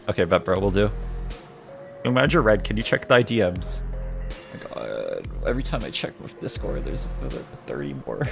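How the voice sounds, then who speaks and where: A playful male game streamer who chats loosely with his viewers and laughs often. His pitch swings up and down in a lively, animated way, sitting around the middle of a man's range. Clear music plays underneath his voice. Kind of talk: casual livestream chat.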